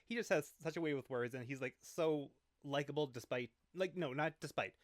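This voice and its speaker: A man co-hosting a casual book club chat, talking in a relaxed, musing way. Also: on the high side, fairly quick, hardly any pauses, no room sound, studio quality. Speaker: podcast co-host.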